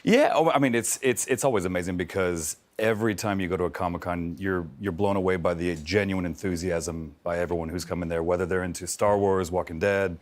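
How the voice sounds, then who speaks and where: A man in his thirties, a talk show guest from Colorado. His voice sits slightly low and he talks eagerly, undercutting himself and restarting phrases. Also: a little fast, hardly any pauses. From Colorado, USA. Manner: eager, self-deprecating, many restarts. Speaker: actor guest.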